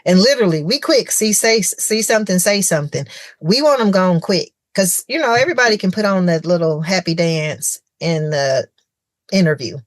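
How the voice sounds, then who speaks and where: A woman, a childcare center owner on a podcast as a guest, telling stories in a lively way and acting out what people said. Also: fairly low pitch, moderate pace, no room sound. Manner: animated storytelling, acting out quoted dialogue. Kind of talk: casual conversational interview.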